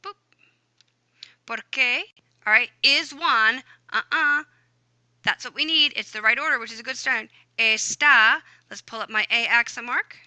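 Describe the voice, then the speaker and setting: Chatty woman teacher talking thru a screen lesson, really bright crisp voice, dry close mic. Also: on the high side, moderate pace, no echo, rough recording. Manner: upbeat, chatty, talks through each step aloud. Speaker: Spanish teacher. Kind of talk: screen-recorded grammar lesson.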